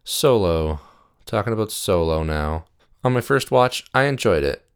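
A man's voice: deep voice, lively intonation, a little slow, smooth. A young man talking casually and enthusiastically in a rambling review monologue, full of "uh"s. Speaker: video host.

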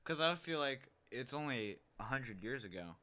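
A man's voice: medium pitch, animated, normal speed, pushed and bright. A man co-hosting a casual movie podcast, playful and joking, often laughing. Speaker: podcast co-host.

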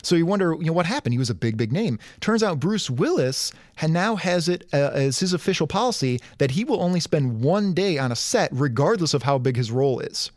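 A man's voice: fairly high pitch, lively intonation, fairly quick, few pauses, darkish tone, no echo, clean studio sound. A young adult man on a podcast, recapping with wry, profane humor. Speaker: podcast co-host. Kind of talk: casual chat.

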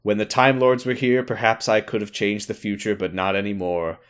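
Man putting on the Doctor, hushed and solemn. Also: on the low side, flat delivery, normal speed, clear, resonant tone, close to an everyday voice. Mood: solemn farewell. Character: weary aging male time traveler, tender. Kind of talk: podcast recap reading.

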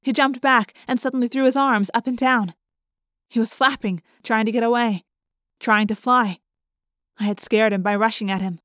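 A woman narrating an audiobook in the first person, vivid and expressive. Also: fairly high pitch, normal speed, dry recording, clean studio sound.

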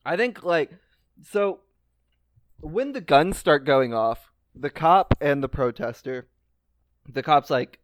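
A man's voice: mid-range voice, lively intonation, measured pace, no room sound. A man co-hosting a casual film podcast, blunt and joking, swearing casually. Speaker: podcast co-host.

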